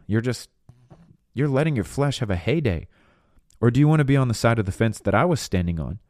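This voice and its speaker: A man with a fairly low voice, preaching with earnest conviction on a podcast. He builds his points with stories and rhetorical questions. The close mic gives a dry, intimate sound. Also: darkish tone, no room sound. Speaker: podcast minister. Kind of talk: preaching monologue.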